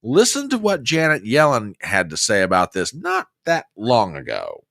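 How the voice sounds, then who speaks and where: A male host of a political commentary show who talks in an exclamatory, mocking way, swinging his pitch wildly up and down. His voice is bright and forceful. The sound is dry and close. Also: wildly swooping pitch, normal speed, gravelly, no room sound.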